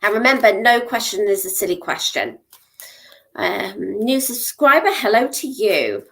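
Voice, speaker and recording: A middle-aged woman hosting a live psychic reading, talking in a reassuring way and often checking in with a quick "okay?". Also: mid-range voice, animated, vocal fry, a bit bright. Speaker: psychic reader.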